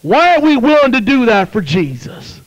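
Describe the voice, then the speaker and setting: A man delivers a sermon in a high voice. He drops to a hush while telling a story, then climbs to fervent shouts. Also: very animated, moderate pace, dull audio. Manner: impassioned, swings from hushed to shouting. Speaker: preacher.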